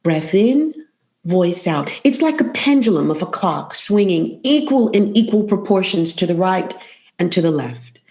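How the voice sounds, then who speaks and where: A middle-aged woman, a vocal coach, talking as a podcast guest in an expressive, rhythmic way, repeating phrases for emphasis. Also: mid-range voice, normal speed. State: emotional, close to tears.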